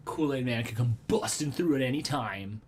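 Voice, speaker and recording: A man's voice: medium pitch, animated, moderate pace, darkish tone, slightly rough. A man hosting a casual live stream from a small room at home. He rambles in a playful way, answers viewer comments and jokes about himself. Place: small room at home with a red wall and lava lamps.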